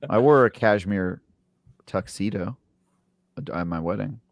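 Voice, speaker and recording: A man's voice: lowish voice, measured pace, creaky. A man co-hosting a casual gaming podcast, bantering playfully and cracking jokes. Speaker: podcast co-host. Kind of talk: casual chat.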